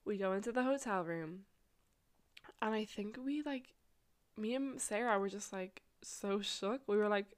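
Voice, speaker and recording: Young woman, smooth clear voice, rambling casual storytelling, swears and laughs a lot. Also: medium pitch, a little slow. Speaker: vlogger.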